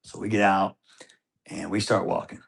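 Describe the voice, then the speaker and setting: A middle-aged father telling a personal story in an interview, animated, moving between hushed tones and loud excitement. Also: deep voice, normal speed, creaky, husky. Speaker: grieving father being interviewed.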